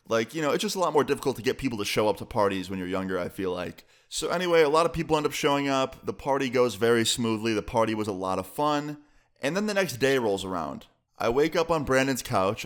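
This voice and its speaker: A young adult man casually telling a personal story, loose and filler-heavy, with some swearing. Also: lowish voice. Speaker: storyteller vlogger.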